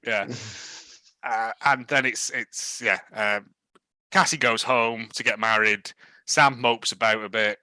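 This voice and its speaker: A man's voice: on the low side, fairly even intonation, slow pace, sharp tone, dry recording. A man, co-hosting a casual film review podcast and retelling the plot with jokey asides. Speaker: podcast co-host.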